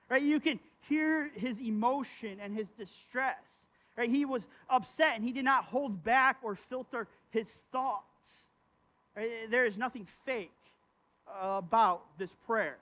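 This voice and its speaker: A man with a notably high speaking voice delivers a sermon. His tone is conversational, he keeps checking in with "right?", and he reads the verses with real feeling. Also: measured pace, pushed and bright. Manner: reads scripture aloud with feeling. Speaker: pastor.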